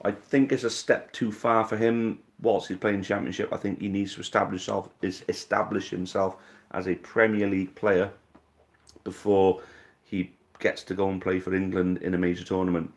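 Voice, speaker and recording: A man's voice: deep voice, level tone, normal speed. Chatty Welsh man hosting a fan stream. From Wales. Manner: chatty, blunt, swears casually, yawning. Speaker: live stream host. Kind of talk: casual live-stream chat reading comments.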